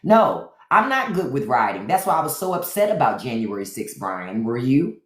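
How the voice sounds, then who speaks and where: A woman's voice: rumbling low, very animated, moderate pace, roomy sound. A woman hosting a live stream, chatting bluntly and sassily to her viewers and brushing off trolls. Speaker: livestream host. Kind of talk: unfiltered live-stream chat. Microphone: phone for a live stream.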